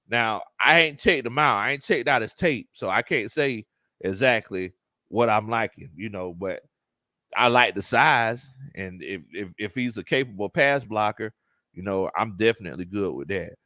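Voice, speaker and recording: A man's voice: mid-range voice, no echo, studio quality. A man hosting a casual sports livestream, reading viewer comments aloud and laughing often. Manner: laughs often, Southern slang, animated reactions. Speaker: sports show host and coach.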